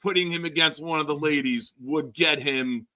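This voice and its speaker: A man's voice: on the high side, normal speed, pushed and bright. A man calling in to a show, joking in a wry, mock-official way. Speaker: caller. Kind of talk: joking call-in commentary.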